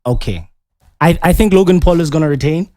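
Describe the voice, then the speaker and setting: A man's voice: fairly high pitch, a little fast, warm tone, no echo, clean studio sound. A man co-hosting a casual wrestling podcast, arguing in a combative, mock-angry way and laughing. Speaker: podcast co-host.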